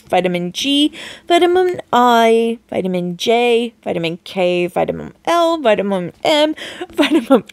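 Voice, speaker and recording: A woman reading a children's novel aloud in an expressive, unhurried way. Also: on the high side, creaky, no room sound. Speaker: storyteller.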